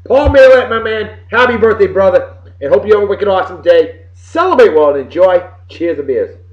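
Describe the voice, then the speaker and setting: A middle-aged man hosting a web show from home, giving casual birthday shout-outs in a boisterous, folksy, wisecracking way with some swearing. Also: high voice, expressive, fairly quick. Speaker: show host. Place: home room with computer behind him. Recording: roomy, dull lo-fi webcam audio.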